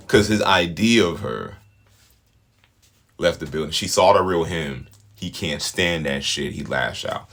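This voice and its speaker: A man's voice: deep voice, animated, normal speed, a bit bright, a little hiss or hum. A man giving casual opinion commentary on a show, blunt, emphatic and full of profanity.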